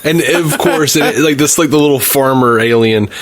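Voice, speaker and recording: A man co-hosting a podcast, talking in a blunt, dry way. He mostly answers in short replies and says what he thinks without softening it. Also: medium pitch, normal speed. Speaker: podcast co-host. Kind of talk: casual chat.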